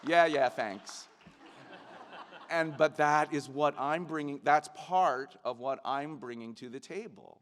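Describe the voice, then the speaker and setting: A middle-aged man giving an earnest, reflective commencement keynote to graduates, often restarting his sentences and pausing on fillers. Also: on the high side, a faint crowd, slight background noise. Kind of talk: speech to graduates. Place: large ceremony venue. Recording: long hall reverb.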